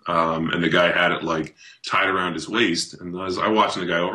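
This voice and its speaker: A man's voice: low voice, fairly quick, few pauses. A man who is a podcast guest and former pro football player, talking bluntly in a casual interview and telling stories full of swearing. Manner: blunt, heavily profane, animated storytelling.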